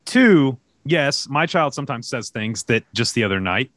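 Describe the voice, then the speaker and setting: A man's voice: mid-range voice, moderate pace, dry recording. A middle-aged man co-hosting a podcast, telling stories and acting out dialogue in casual chat. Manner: animated storytelling, acts out dialogue. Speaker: podcast co-host, youth soccer coach.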